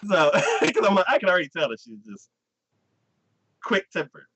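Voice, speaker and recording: A man co-hosting a podcast, chatting casually and acting out anime scenes in lively, excited retellings full of "like.". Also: sits high, normal speed, background noise. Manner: animated storyteller acting out scenes, frequent "like". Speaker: podcast co-host. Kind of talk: casual anime review chat. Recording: dull lo-fi podcast audio.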